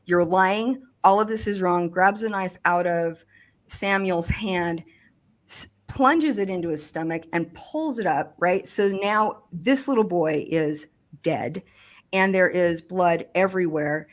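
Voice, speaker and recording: A woman recounting a personal experience in conversation, speaking haltingly with frequent restarts and fillers. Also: fairly low pitch. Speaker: survivor giving testimony.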